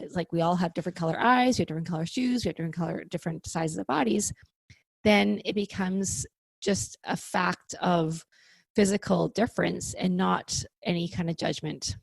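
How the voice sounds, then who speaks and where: A woman speaking as a podcast guest over a remote call, lively and chatty with frequent "like" asides. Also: lowish voice, gravelly, slightly rough, no echo. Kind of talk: casual conversational interview.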